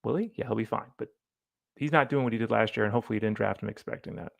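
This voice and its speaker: A man hosting a solo fantasy football podcast, animated and opinionated, talking straight to the listener. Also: lowish voice, very fast, vocal fry, no echo. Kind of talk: solo sports podcast commentary.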